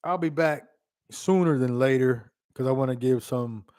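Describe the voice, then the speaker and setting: A man in his thirties telling childhood stories casually to his phone camera, animated and laughing, with quick asides and repeated words. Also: mid-range voice. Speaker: vlogger.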